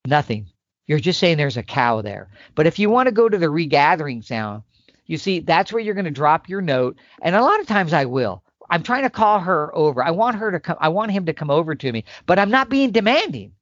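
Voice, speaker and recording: A man explaining elk calling tactics in casual podcast talk, emphatic and animated, sometimes acting out the calls. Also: on the high side, fairly quick, no echo, dull audio. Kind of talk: instructional podcast chat.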